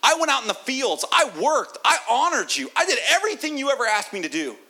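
A man preaching in a church voices an exasperated older son, a hardworking grown man who protests in loud, high-pitched outbursts. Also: very animated, slow, full character voice. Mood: indignant.

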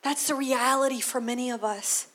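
A woman's voice: sits high, fairly even intonation, moderate pace, fairly bright tone. A woman pastor giving a conversational sermon, often restarting her sentences. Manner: conversational preaching with repeated restarts.

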